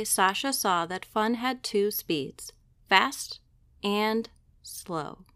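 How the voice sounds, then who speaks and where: A woman librarian reading a children's picture book aloud with slow, expressive delivery. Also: medium pitch, no echo, clean studio sound. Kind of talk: storybook read-aloud.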